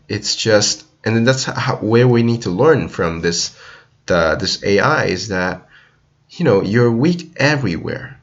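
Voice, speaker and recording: A man's voice: on the low side, highs cut off. A man casually commenting on a board game, talking loosely with many fillers and restarts and briefly acting out the players' thoughts.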